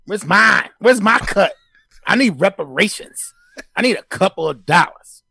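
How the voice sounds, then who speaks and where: A man doing a loud ranting sports pundit. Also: high voice, lively intonation, measured pace, gravelly, husky, no echo, voice pushed up, heavily acted. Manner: emphatic, declaiming, indignant. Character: male sports pundit impression, loud and preachy.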